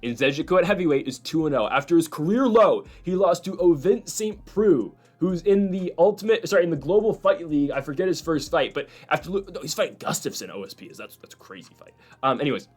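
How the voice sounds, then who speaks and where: A man's voice: fairly high pitch, lively intonation, fairly quick, hardly any pauses, a little mellow, faint music behind. A man hosting a casual talk show, rambling and opinionated, with many restarts and asides. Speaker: host. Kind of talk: casual chat.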